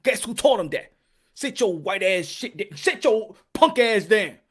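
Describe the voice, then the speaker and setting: A man putting on an enraged boxing trainer who swears through every order, with a lively, swooping delivery. The voice is bright and sharp-edged. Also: very high-pitched, fast, voice pushed up, heavily acted. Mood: threatening. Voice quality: profane, cursing, barking orders. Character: furious male boxing trainer, profane, bossy.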